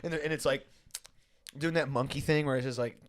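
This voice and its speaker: A man's voice: mid-range voice, fairly even intonation, fairly quick. A man hosting a casual comedy podcast, telling rambling stories and laughing often. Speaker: podcast host.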